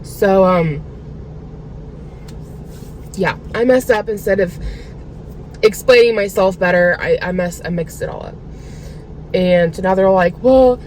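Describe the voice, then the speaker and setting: A woman's voice: on the low side, fairly even intonation, unhurried, pauses often, darkish tone, slight background noise, rough recording. A woman vlogging from her car, talking casually and venting her frustration in a rambling way with lots of filler words. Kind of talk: casual venting vlog to camera.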